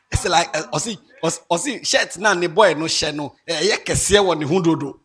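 A man giving a moral talk to students, animated and mixing English with local phrases, rising to emphatic shouts. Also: a little high, slightly rough. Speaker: speaker addressing students. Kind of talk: moral talk to young people.

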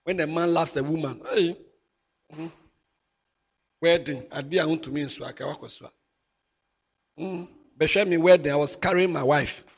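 A middle-aged man with a Ghanaian accent, preaching a sermon as a pastor, animated and mixing English with Twi. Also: on the high side, moderate pace, pauses often, breathy edge.

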